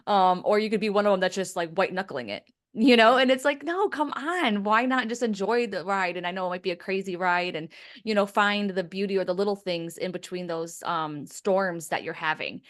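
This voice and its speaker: A woman from Michigan, a psychic medium mentor, telling stories in an animated, laughing way in a casual podcast conversation. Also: lowish voice, brisk. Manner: animated storytelling with frequent laughs.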